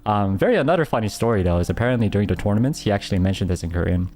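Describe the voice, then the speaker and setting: A young man streaming as a VTuber, telling stories in a casual chat with lots of fillers and bursts of excitement. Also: lowish voice, racing. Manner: excitable storytelling, bursting into laughter, many fillers.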